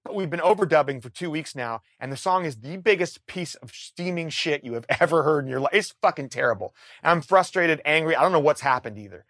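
Middle-aged man, guest storyteller, slightly high voice, animated and profane, dry close sound. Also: fairly quick, few pauses, dry recording. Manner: animated, profane, frequent restarts. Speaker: guest musician. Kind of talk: casual storytelling interview.

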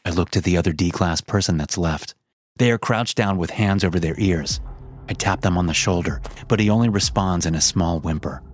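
A man narrating a first-person horror story in a tense, measured way. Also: sits low.

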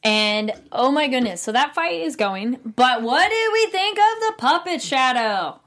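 A woman hosting a casual anime discussion podcast, animated and quick to laugh, acting out quoted lines. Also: high-pitched. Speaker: podcast host.

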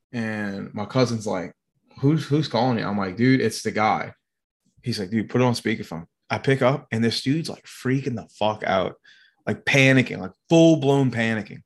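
Animated, foul-mouthed man telling a story. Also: medium pitch. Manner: animated, swears a lot, acts out other people's voices. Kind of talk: casual profane storytelling.

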